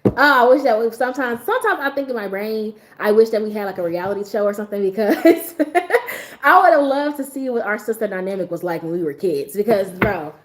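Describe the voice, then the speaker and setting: Speaking a little fast with lively intonation, a woman with a mid-range voice hosts a casual livestream. She laughs often, tells stories and talks straight to her chat.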